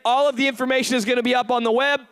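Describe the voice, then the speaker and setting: Man, motivational stage speaker, very high voice, call-and-response hype, dry sound. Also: steady tone, rapid-fire, smooth, dry recording. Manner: rallying crowd with call-and-response questions; shouts bursts of hype to the audience. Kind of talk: high-energy stage pep talk.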